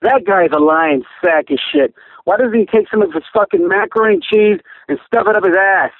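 A man's voice: high voice, fairly quick, no room sound. A man phoning in an angry, profane rant, cursing constantly. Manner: profane, furious ranting. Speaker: caller. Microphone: phone. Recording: tinny phone line.

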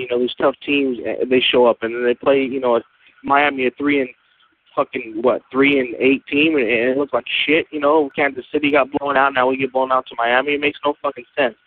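A frustrated man calls in to vent, swearing and repeating himself. His voice comes through a tinny phone line with faint hiss. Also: mid-range voice. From Sacramento. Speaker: caller. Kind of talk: angry fan call-in rant.

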